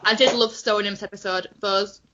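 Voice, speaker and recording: A young woman co-hosting a casual fan podcast, quick and enthusiastic. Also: medium pitch, steady tone, bright, forceful tone. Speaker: podcast co-host. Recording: dull lo-fi sound.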